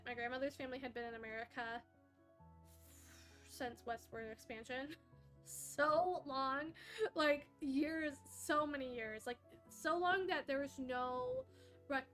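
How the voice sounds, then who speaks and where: Brief: talkative woman streamer, high voice, faint music under her, rambling and giggly. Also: sharp tone. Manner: rambling, laughs often, self-interrupting. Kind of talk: casual live-stream chat.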